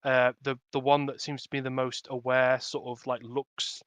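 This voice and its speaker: A man narrating as the dungeon master, talking in a halting way with many ums and restarts. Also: medium pitch, level tone, fairly bright tone, dry recording. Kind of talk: narrating a tabletop game.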